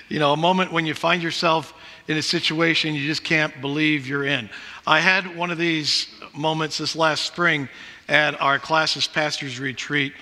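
A man's voice: fairly high pitch, steady tone, measured pace, sharp tone. A middle-aged male pastor preaching a sermon, telling stories in a self-deprecating way. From Pacific Northwest. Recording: reverberant church hall.

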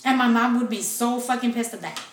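A woman's voice: fairly high pitch, fairly even intonation, a little fast, recorded from a distance. A young woman telling a personal story to friends, swearing often and slipping between English and Spanish. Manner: profane, mixes English and Spanish. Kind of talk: casual storytelling among friends. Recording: echoey room, off-mic, faint noise.

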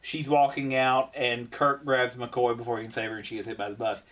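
A man's voice: mid-range voice, little pitch movement, a little fast, a bit bright, recorded from a distance. A man co-hosting a casual group podcast, rambling through a story with many restarts and asides. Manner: rambling, restarts often, laughs at his own jokes. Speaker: podcast co-host.

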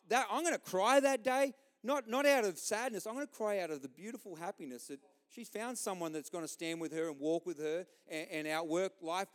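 Impassioned middle-aged pastor in echoey hall. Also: male voice, fairly high pitch. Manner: impassioned, swinging from loud to soft. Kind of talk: sermon.

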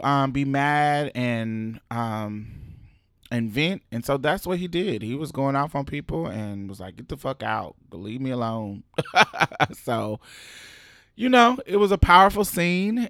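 A man with a fairly high, bright, forceful voice talks through a scene in a loose, profane way, laughing often. The sound is dry and close, with no room around it. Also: smooth, dry recording. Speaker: actor recapping his own show. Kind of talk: casual episode recap.

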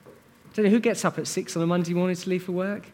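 A man preaching a sermon in an animated, conversational way, asking the congregation questions as he goes. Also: high voice, fast.

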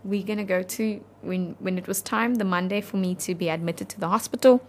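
A South African woman in her thirties, an interview guest telling a personal story in an earnest, halting, heartfelt way. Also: medium pitch, darkish tone, a little hiss or hum.

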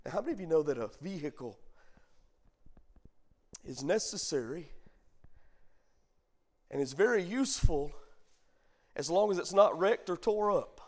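A man's voice: fairly high pitch, lively intonation, unhurried, long pauses. A middle-aged man preaching a sermon as pastor, calling the congregation to answer and telling a folksy family story. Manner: preaching with call-and-response, bursts of emphasis.

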